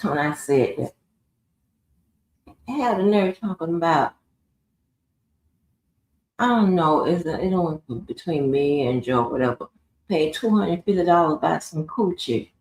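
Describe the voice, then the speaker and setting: A woman's voice: low voice, expressive, measured pace, pauses often, darkish tone, a little hiss or hum. A woman hosting a live stream, ranting in a profane, confrontational monologue. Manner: profane, confrontational, swears heavily. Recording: roomy echoey room.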